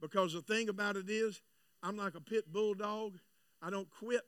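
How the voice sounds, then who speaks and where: A man preaching at a church revival, swinging from chatty storytelling to loud shouting. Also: sits high, moderate pace, smooth, no echo, recorded from a distance. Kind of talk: revival sermon. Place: church sanctuary.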